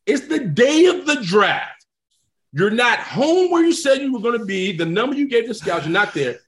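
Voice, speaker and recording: A man impersonating an exasperated male sports agent lecturing a client in a loud, incredulous way. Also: extremely high pitch, big pitch swings, very fast, voice pushed up.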